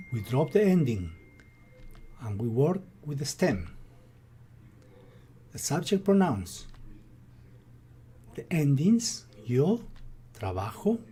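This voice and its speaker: A man with an Ecuadorian Spanish accent explains verb conjugation in a calm, unhurried lesson. His voice is mellow and warm, and he pauses to read each word out with care. Faint room ambience sits under the recording. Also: medium pitch, a little hiss or hum. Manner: slow, deliberate, drills word lists aloud. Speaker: Spanish teacher. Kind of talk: scripted grammar lesson.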